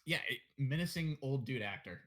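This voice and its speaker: A man's voice: mid-range voice, lively intonation, moderate pace, a bit bright. A young man co-hosting a casual podcast chat, blunt and opinionated, swearing and joking as he goes. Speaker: podcast co-host.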